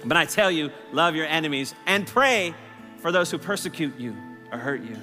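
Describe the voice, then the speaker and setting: A man preaching a sermon to his church, impassioned, his voice rising loud and high on key lines. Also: animated, moderate pace, in a large hall, music in the background. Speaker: pastor. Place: church sanctuary.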